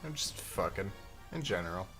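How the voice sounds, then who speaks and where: A man's voice: low-pitched, big pitch swings, moderate pace, sharp tone, soft background music. A man streaming a game and chatting on voice chat, joking crudely and sarcastically. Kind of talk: casual gaming stream chat.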